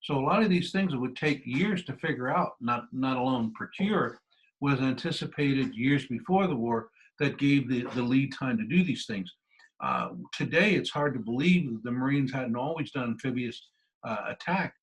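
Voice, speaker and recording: A man's voice: medium pitch, lively intonation, normal speed, rough recording. A man giving a history lecture with slides, talking in a loose conversational way with many fillers and restarts. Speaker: guest lecturer.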